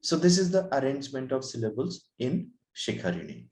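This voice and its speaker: A man teaching Sanskrit verse meters in a lecture, explaining slowly and deliberately, then chanting verses melodically. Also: medium pitch, very animated, darkish tone, reverberant, poor audio.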